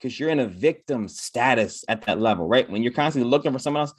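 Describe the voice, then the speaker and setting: A male motivational speaker gives a casual talk, tacking "right?" onto nearly every point and voicing his own inner thoughts in quotes. His medium-pitched voice is lively, slightly rough, quick, and has few pauses. The studio-quality recording has no room sound.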